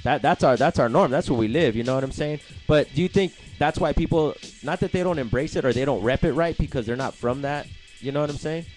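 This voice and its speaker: A man's voice: medium pitch, fast talker, a little mellow. Slangy male radio interviewer over music. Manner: slangy, rambling questions with many "you know what I'm saying". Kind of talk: casual street interview.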